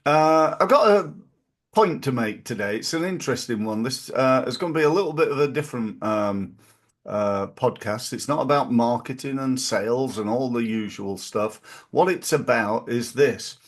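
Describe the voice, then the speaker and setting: Animated man hosting a podcast. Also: normal speed. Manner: animated, punches quoted catchphrases with big pitch jumps. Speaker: podcast host. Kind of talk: casual motivational monologue.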